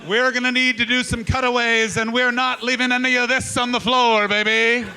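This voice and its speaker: A man doing stand-up crowd work, teasing the audience in a brash, profane, rapid-fire way. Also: very high-pitched, level tone, sharp tone. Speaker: stand-up comedian. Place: comedy club stage before a live audience. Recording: live club recording with crowd laughter. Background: audience laughter.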